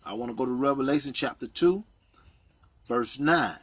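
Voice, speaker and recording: A man's voice: medium pitch, husky, no room sound. A man teaching a Bible study, reading verses aloud and explaining them, checking in with frequent "okay?" and "all right?". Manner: reads scripture slowly, explaining with frequent "okay?".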